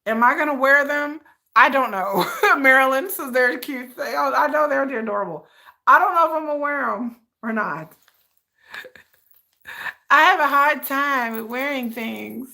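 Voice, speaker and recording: Excitable woman hosting a livestream, fairly high voice, chatty and repetitive with her viewers. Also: measured pace, vocal fry. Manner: excitable, talks to viewers as y'all, repeats herself. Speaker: livestream reaction host. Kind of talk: casual unboxing livestream.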